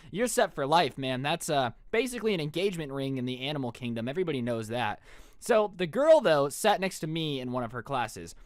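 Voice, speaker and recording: A young man telling a story on his stream, his fairly high voice swinging widely as he jokes. He talks in slang and throws in disbelieving asides. The recording is dry and close, with no room sound. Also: no room sound. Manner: animated, joking, slangy, with mock-incredulous asides. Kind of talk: casual storytelling on a livestream.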